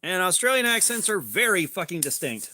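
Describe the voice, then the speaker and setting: High-pitched guy rambling on a livestream, says like a lot, swears some, shouts out chat viewers. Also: big pitch swings, brisk. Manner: loose and rambling, heavy on "like", swears freely; greets chat viewers by name. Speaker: livestream host.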